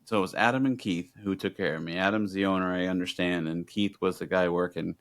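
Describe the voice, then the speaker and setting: A man's voice: sits low, steady tone, fairly quick. A middle-aged man co-hosting a podcast, telling a story in casual chat and acting out both sides of the conversations. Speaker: podcast co-host.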